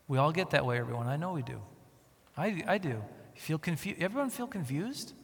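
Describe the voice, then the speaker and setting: Male preacher, fairly high voice, emphatic sermon, loud-to-hushed swings, long hall reverb. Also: lively intonation, a little fast, creaky. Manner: emphatic, asks the listeners rhetorical questions.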